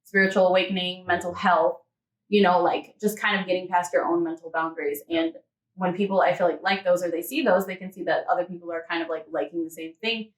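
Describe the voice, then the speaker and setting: Her lowish voice stays steady and fast as this fitness model chats casually in an interview, laughing often and voicing little quotes. The sound comes from a distant mic in an echoey space.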